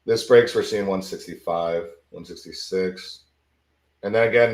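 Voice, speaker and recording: A man's voice: low-pitched, unhurried, reverberant. A man hosting a live trading stream, talking casually and thinking aloud, often repeating his words. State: sleepy, yawning. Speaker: livestream futures trading host.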